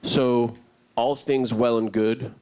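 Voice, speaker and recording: A man's voice: medium pitch, slow, clear, resonant tone. A man answering fan questions on a convention panel, joking and telling stories playfully. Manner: playful, joking, animated storytelling. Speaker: panelist actor.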